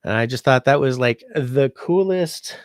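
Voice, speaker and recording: A man's voice: medium pitch, moderate pace, no echo, studio quality. A sick man hosting a casual livestream, rambling and reading viewer comments aloud. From Canada. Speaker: livestream host.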